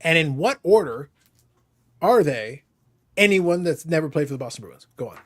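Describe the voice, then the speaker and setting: A man from Canada hosts a relaxed live podcast. His voice sits a little high for a man, and his talk is animated and full of jokes, often running over his co-hosts. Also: moderate pace. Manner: animated, jokey, talks over others. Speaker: podcast host. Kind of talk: casual chat.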